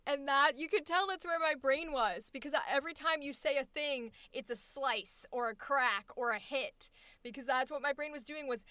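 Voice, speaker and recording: A woman teaching voice acting, gushing over her students in chatty, effusive livestream commentary. Her voice is high, bright and smooth, and sits dry and close to the mic. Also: normal speed, dry recording. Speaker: voice acting workshop instructor. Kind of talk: enthusiastic showcase commentary on a livestream.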